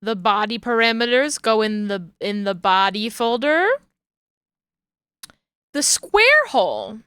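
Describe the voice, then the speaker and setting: A woman's voice: fairly high pitch, big pitch swings, slow pace, sharp tone, clear, resonant tone, dry recording, clean studio sound. A woman streaming live, chatting casually and playfully with her viewers and giggling while she works. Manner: playful and giggly, talks to chat while working.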